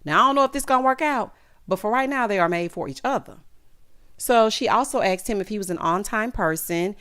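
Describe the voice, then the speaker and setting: A woman in her thirties giving a sassy, animated recap of a reality show, calling her viewers honey and child. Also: medium pitch, a little fast, clean tone. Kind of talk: casual recap commentary.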